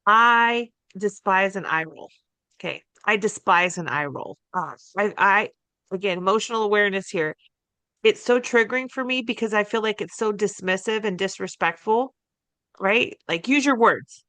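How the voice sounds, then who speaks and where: Middle aged woman cohost, bright voice, emphatic storyteller, dry close mic. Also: medium pitch, dry recording. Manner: expressive storyteller, emphatic, laughs easily. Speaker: podcast co-host. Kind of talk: casual conversational podcast talk.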